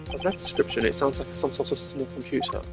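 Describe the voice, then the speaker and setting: A composed, formal prosecutor who speaks in measured, precise sentences, voiced by a male streamer. His voice is mid-pitched. Faint game music plays behind. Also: natural voice.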